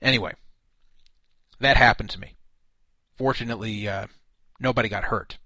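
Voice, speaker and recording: A man's voice: fairly low pitch, normal speed, pushed and bright, no room sound. Exasperated male radio host, dry sound. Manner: exasperated, stammering restarts. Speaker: show host. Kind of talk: comedic radio talk.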